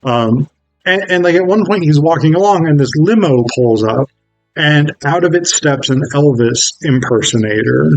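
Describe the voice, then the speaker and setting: A man's voice: fairly high pitch, lively intonation, moderate pace, no room sound, soft background music, poor audio. Casual swearing film reviewer man, dry sound. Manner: casual, swears freely, wry. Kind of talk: casual video essay commentary.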